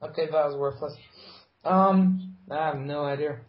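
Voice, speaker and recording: A man's voice: on the high side, steady tone, measured pace. A man in casual chat with friends, making awkward jokes and mocking himself, recorded in dull lo-fi sound.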